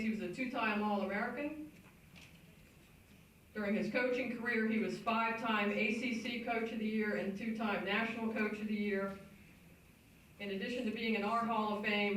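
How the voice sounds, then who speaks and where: A woman hosts a hall of fame ceremony with casual, joking introductions. Her voice carries a booming hall echo and is picked up from well back in the room. Steady background noise sits under her. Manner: casual and joking, loose asides. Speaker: awards ceremony emcee. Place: banquet hall. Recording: echoey hall recorded from far off.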